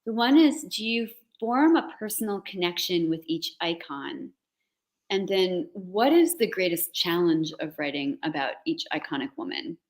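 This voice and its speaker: A woman with a slightly low voice hosts an interview over a video call. Her talk is chatty and jokey, and she keeps the mood loose and informal. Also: expressive, normal speed. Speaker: interview host. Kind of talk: casual interview chat.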